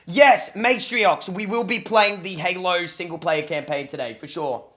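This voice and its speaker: A young Australian man with a bright, forceful voice that sits a little high, talking casually to his stream chat. He jokes around and thanks people for subs, and he sounds a bit sniffly from hay fever. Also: a little slow. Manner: chatty, joking, reads chat aloud. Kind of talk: casual livestream chat with viewers.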